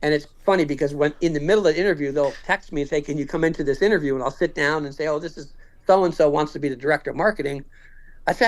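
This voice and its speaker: Fast-talking man telling an animated story. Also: a little high. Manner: animated, acts out quoted dialogue. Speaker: podcast guest. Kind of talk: storytelling in casual conversation.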